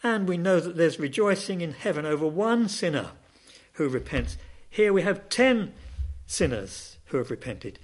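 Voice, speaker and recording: Male preacher, fairly high voice, dramatic sermon delivery with big swings in pitch. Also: sing-song, normal speed, slightly rough. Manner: dramatic, rising and falling emphasis.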